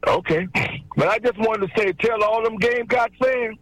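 A man's voice: sits high, moderate pace, fairly bright tone, no room sound, low-quality recording. A man calling in to a sports radio show, trash-talking the host in loose, brash banter. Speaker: regular caller. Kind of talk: phone-in banter.

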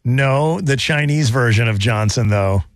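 A man's voice: mid-range voice, unhurried, dry recording. Wry male radio host, casual banter, dry close sound. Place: radio studio.

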